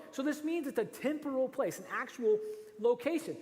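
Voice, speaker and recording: A man's voice: very high voice, animated, a little fast, darkish tone, big-room sound. A man preaching a sermon as pastor, talking in a conversational way with rhetorical asides. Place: church.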